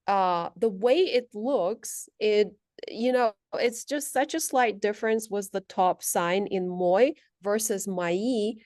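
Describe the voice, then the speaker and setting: A woman language instructor giving a measured, explanatory presentation, walking through her slides with frequent pauses. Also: medium pitch, a little mellow, no echo, studio quality.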